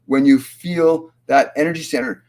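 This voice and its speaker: A man hosting a live-stream spiritual Q&A as a medium, speaking slowly and in a measured way, often halting with fillers and restarts. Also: mid-range voice, steady tone, a little mellow. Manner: slow, measured delivery when relaying messages.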